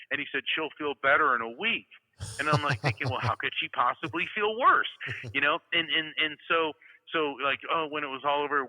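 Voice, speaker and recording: A man's voice: mid-range voice, in a large hall. Rambling man on a tinny line. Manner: rambling, many "you know" fillers, animated retelling. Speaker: guest storyteller. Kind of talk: casual anecdote telling.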